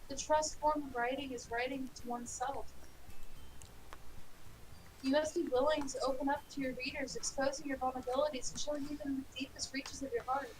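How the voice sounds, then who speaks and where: A woman voicing a shy, intense bookish young woman in a visual novel, speaking softly and earnestly. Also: sits high, fairly even intonation, fairly quick, noisy background, pitched below the performer's own voice, lightly acted. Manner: soft, hushed and earnest.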